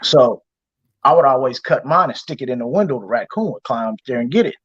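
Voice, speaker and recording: A man hosting a casual chat and telling animated, slang-heavy stories, acting out the people he quotes. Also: mid-range voice, brisk, husky, dry recording. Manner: animated storytelling, slangy and profane, acts out quoted voices. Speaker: host. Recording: dull, lo-fi stream audio.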